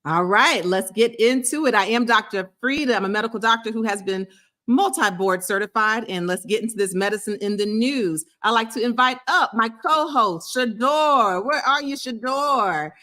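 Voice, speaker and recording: A woman's voice: on the high side, normal speed, pushed and bright. A middle-aged woman doctor from the US South, hosting a casual medical video and answering a commenter in an emphatic, sassy way. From Florida, US South.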